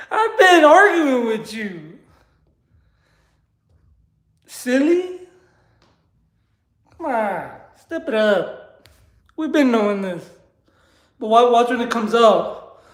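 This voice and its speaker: A man's voice: very high voice, big pitch swings, drawn-out words, pauses often, a bit bright. A young man ranting casually and heatedly, swearing and saying "bro" often, with disbelieving laughs. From United States. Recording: roomy echo.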